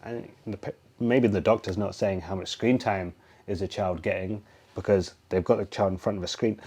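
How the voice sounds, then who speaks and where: A man who is a guest expert on a podcast, explaining in a steady way. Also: sits low, normal speed, slightly rough. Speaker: guest, screen-time expert. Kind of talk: casual podcast conversation.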